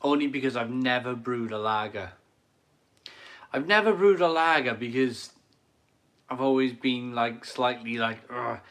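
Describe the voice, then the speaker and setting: Slow-talking man chatting at home. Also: medium pitch, animated, fairly bright tone. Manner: enthusiastic and rambling, repeats phrases. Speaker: live stream beer reviewer reading viewer comments. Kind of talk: casual live stream chat. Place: home kitchen.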